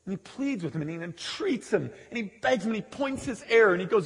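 A man with a high voice preaches a sermon, lively and full of humor. He often drops to soft, low asides between readings. A long hall reverb lingers behind every phrase. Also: fairly quick, vocal fry, hardly any pauses.

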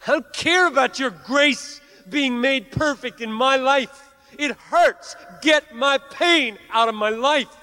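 A preacher putting on a whiny aggrieved churchgoer. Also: male voice, extremely high pitch, slow, bright, forceful tone, in a large hall, pitched above the performer's own voice, exaggerated voice. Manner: complaining, demanding. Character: whining self-centered churchgoer, adult man, aggrieved. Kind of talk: sermon.

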